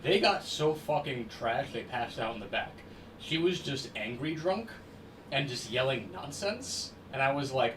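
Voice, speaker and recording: A man's voice: mid-range voice, moderate pace. Profane man telling stories, distant and roomy. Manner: animated, profane, laughing storyteller. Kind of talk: casual storytelling. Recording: distant roomy mic with background noise.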